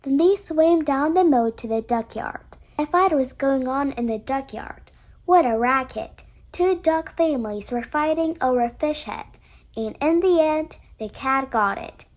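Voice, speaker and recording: High-voiced woman reading a storybook. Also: lively intonation, measured pace. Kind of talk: children's storybook read-aloud.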